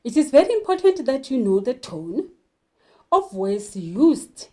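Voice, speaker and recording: A woman teacher explaining poetry and literature terms, slowly asking questions and answering them herself. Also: on the high side, very animated, dark tone. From South Africa. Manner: slow, deliberate, poses questions then answers them. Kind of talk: literature lesson.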